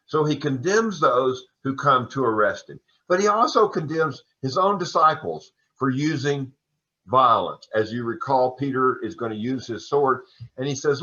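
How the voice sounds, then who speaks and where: A man's voice: medium pitch, a little slow. Man giving a chatty Bible lecture. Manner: relaxed, chatty teaching with folksy asides. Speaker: Sunday school teacher. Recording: dull lo-fi recording.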